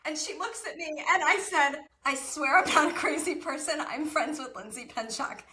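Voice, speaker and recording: A woman's voice: sits high, lively intonation, normal speed, sharp tone, a little hiss or hum. A middle-aged woman hosting a casual podcast, an enthusiastic and chatty storyteller with a college-age daughter. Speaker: podcast host.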